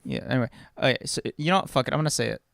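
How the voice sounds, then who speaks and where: Gravelly excitable podcast guy. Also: mid-range voice, rapid-fire, dry recording, studio quality. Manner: excitable, swears a lot, stammers and repeats words. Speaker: podcast co-host. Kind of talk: casual chat reacting to live chat.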